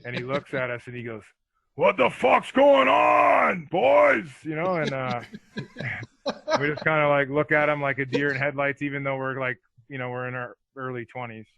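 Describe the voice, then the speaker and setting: A middle-aged man, a former hockey enforcer, telling rambling, animated stories as a podcast guest. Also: medium pitch, fast, hardly any pauses, no echo, dull audio. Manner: rambling, animated, lots of fillers. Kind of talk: casual storytelling.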